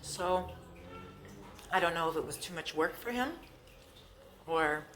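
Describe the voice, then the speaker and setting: A woman's voice: on the low side, animated, unhurried, a bit bright, a little hiss or hum. A woman vlogger talking casually to camera while eating, chatty and repeating herself. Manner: chatty, repeats herself, talks with mouth full.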